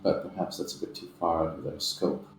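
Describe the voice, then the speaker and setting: Low-voiced man speaking formally in character. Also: flat delivery, vocal fry, roomy sound, faint music behind, rough recording. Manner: formal, measured phrasing. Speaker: player. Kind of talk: in-character tabletop role-play.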